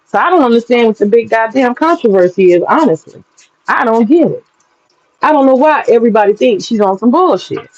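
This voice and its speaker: A woman's voice: fairly high pitch, lively intonation, a little fast, darkish tone, lo-fi sound. A woman talking frankly and casually to camera, swearing freely and laughing often. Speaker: vlogger. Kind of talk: casual opinion monologue.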